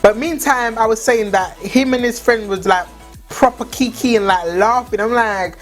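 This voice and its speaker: A woman's voice: on the high side, moderate pace, faint music behind. A young woman telling a story in a chatty way, many "like" fillers. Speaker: vlogger. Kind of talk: casual storytime chat.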